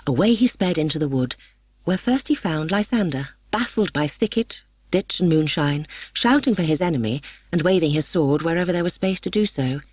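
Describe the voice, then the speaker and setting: A woman narrates a classic tale in a measured, expressive storybook manner. Her voice sits low for a woman, and the recording is dry and close with no room sound. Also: husky, no room sound. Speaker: audiobook narrator.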